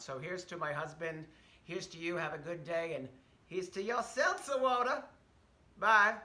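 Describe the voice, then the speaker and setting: A man's voice: sits high, pushed and bright. A man hosting a casual vlog, telling stories in a chatty, hesitant way with many asides. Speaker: host. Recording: roomy echo.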